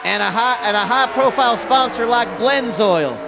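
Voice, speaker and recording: Rambling high-voiced male race commentator. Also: normal speed, gravelly, over loud music. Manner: rambling, folksy, stumbling over words. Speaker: play-by-play commentator.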